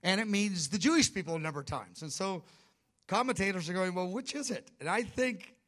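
A man with a fairly high, somewhat bright voice preaches a sermon at a slightly quick, animated pace. His teaching is casual and conversational, broken by sudden emphatic bursts that hammer his points home.

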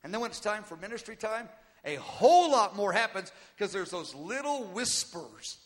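A high-pitched, bright male preacher delivers an earnest teaching sermon, circling back over his points to drive them home. His voice rings out with a long reverb trailing through a large hall. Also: big pitch swings, normal speed.

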